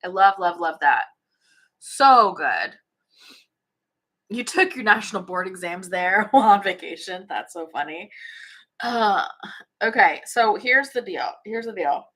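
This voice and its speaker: A woman's voice: mid-range voice, animated, measured pace, long pauses, fairly bright tone. A woman hosting a casual livestream, chatting bubbly with viewers and yawning often. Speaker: spiritual channel host. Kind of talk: casual livestream chat reading comments. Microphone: phone or webcam livestream.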